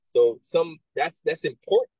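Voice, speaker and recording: A man working as a military recruiter, talking casually and telling animated stories with many restarts and asides. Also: on the high side, measured pace, breathy edge, no echo, rough recording. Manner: animated storyteller, acts out quoted voices, many restarts and "right?". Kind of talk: casual conversation.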